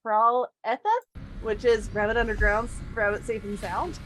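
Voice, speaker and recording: A woman's voice: fairly high pitch, flat delivery, moderate pace, a bit bright, a little hiss or hum, rough recording. A woman playing a tabletop game, explaining her character's moves hesitantly with many fillers. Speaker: player. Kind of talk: casual tabletop play.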